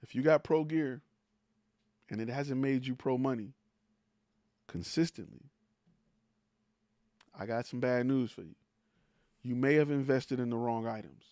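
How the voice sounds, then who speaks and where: A man's voice: medium pitch, measured pace, pauses often, darkish tone, no room sound, clean studio sound. A man hosting a live stream, giving blunt, teasing business advice to creators with rhetorical questions. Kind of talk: blunt motivational talk.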